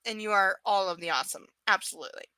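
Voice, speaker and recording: A woman's voice: medium pitch, fast talker, pushed and bright, clean tone, no room sound. A woman hosting a live stream, reading a book aloud and commenting on it in a sarcastic way, often swearing as she rants.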